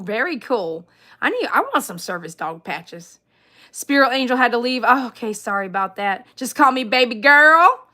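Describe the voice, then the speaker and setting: A woman's voice: medium pitch, sharp tone. A woman hosting a casual live stream, reading viewer comments aloud and laughing often. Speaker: livestream host reading chat.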